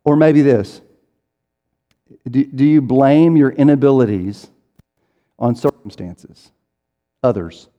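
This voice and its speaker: A man's voice: fairly high pitch, measured pace, warm tone. A man preaching a sermon in a conversational way, acting out people's inner voices as he goes. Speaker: pastor. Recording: reverberant hall.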